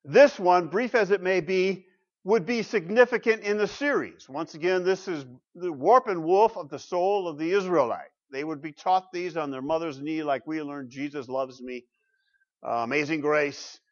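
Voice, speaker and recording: A man's voice: fairly high pitch, normal speed. A middle-aged man preaching a sermon as pastor, emphatic, asking the congregation rhetorical questions. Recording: dull lo-fi sound.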